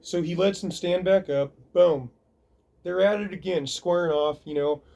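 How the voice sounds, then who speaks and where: Brief: male vlogger telling a story, lively and casual, acting out the fight with sound effects. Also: high voice, moderate pace. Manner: animated, acts out punches with sound effects. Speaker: video reviewer.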